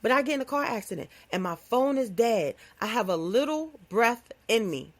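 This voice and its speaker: A woman hosting her own podcast, talking in a playful, animated, casual comedic monologue with phrasing. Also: on the high side, moderate pace. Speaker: podcast host.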